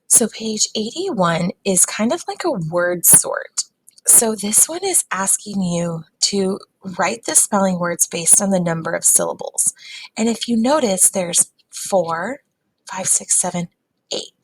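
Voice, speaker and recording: A woman teacher giving a recorded phonics lesson to young students, patient and sounding words out slowly. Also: medium pitch, expressive, a little hiss or hum, rough recording.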